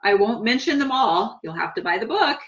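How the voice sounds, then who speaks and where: A woman's voice: on the high side, lively intonation, fairly quick, a bit bright, muffled recording, slight background noise. A woman hosting an interview, appreciative and reflective. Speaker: host.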